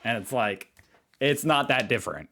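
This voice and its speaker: A man's voice: medium pitch, expressive, normal speed, sharp tone. A man from Indiana, casually reacting to a video and thinking aloud with hesitant restarts. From Indiana, USA.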